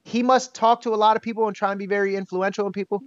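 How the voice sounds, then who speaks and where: A man being interviewed, telling a personal story in a candid, animated way and swearing casually. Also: high voice, racing, no echo. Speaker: interview guest. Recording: dull, dry sound.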